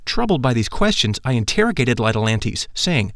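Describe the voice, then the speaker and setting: A man reading a spiritual first-person memoir aloud in a measured, solemn manner. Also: mid-range voice, very animated, fairly bright tone, no room sound, studio quality. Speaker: narrator.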